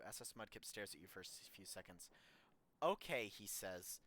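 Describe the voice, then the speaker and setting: A man's voice: on the low side, lively intonation, moderate pace, long pauses, sharp tone. A man streaming a text adventure game, reading the story aloud and reacting playfully.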